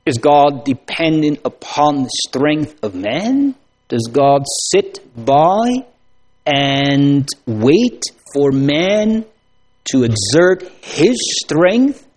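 A man preaching a sermon to a congregation, slow and solemn, building to emphatic pleading phrases. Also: on the high side, sing-song, a little mellow.

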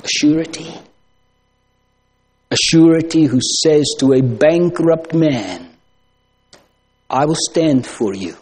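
A man preaching a sermon, asking rhetorical questions and swinging from loud emphasis to hushed tones. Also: on the high side, slow pace, pauses often, slightly rough.

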